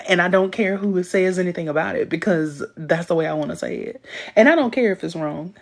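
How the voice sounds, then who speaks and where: A woman hosting a casual live stream and answering viewer comments. She talks in an animated, emphatic way and laughs often. Her voice sits a little low for a woman. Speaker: livestream host. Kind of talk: casual livestream chat reading comments.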